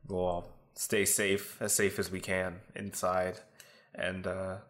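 Man doing a nervous townsman, deep-voiced, rambling. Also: level tone, takes it slowly, fairly bright tone. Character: worried small-town husband and father.

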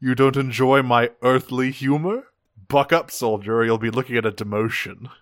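A man's voice: mid-range voice, steady tone, moderate pace, no echo, studio quality, close to an everyday voice. A man voicing a lazy, campy male robot warlord who insults his men in a drawling, mocking way.

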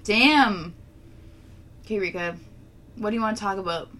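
A woman co-hosting a casual chat, playful and quick to laugh, swearing freely while tasting a beer. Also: mid-range voice, a bit bright.

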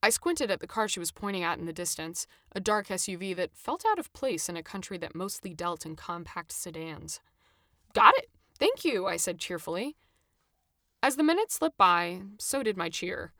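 A woman narrating a first-person story in an expressive, animated reading, her pitch rising and falling freely. The sound is dry and close, with no room echo. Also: moderate pace.

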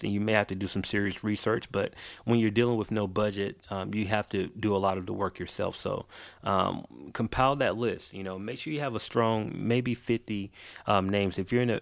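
A man's voice: lowish voice, vocal fry, no echo. A man, hosting a podcast and giving loose, conversational advice full of ums and restarts. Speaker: podcast host. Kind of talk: casual advice talk.

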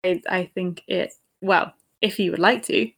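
A woman co-hosts a casual podcast in a lowish, gravelly voice that stays steady and a bit slow. She's chatty and giggly, laughing often.

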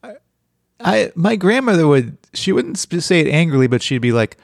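A man's voice: fairly high pitch, very animated, normal speed, vocal fry, no echo. A man co-hosting a casual comedy podcast, making short, dry, wry remarks. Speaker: podcast co-host.

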